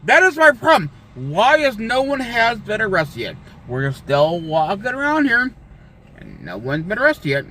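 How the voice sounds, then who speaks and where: A man rants into his livestream, heated and profane, circling back to the same complaints. His voice sits high and bright and leaps all over the place. A faint hiss of noise runs behind him. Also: huge pitch swings, a little slow. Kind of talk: angry political rant.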